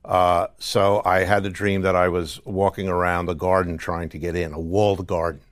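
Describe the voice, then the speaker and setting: A man being interviewed, telling a personal story in a reflective, halting way with frequent restarts. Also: sits low, flat delivery, no echo. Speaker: guest. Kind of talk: conversational interview.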